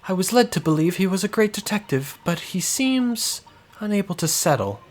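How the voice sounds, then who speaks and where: Man doing a young, stern French museum owner, rough accent attempt, lively lilt. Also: high voice, moderate pace, voice pushed up. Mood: formal, stern. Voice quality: shaky put-on French accent. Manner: formal, stern and proper. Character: young mysterious woman who runs a waxwork museum.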